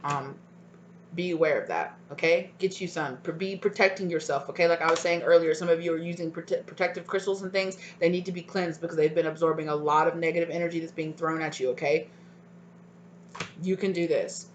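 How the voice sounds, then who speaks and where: A woman's voice: low voice, fairly even intonation, a little fast, highs cut off, slight background noise. A woman giving a tarot reading to her viewers, encouraging and emotional, tagging her sentences with "right?" and "okay?". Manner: spiritual, emotional, sometimes near tears. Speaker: tarot reader.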